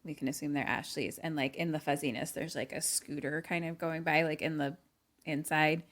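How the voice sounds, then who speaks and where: A woman's voice: deep voice, moderate pace. A woman co-hosting a podcast over a remote call, casually retelling a film plot and acting out the characters' lines with frequent laughter. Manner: animated, acts out characters' lines, laughs often. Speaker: podcast co-host.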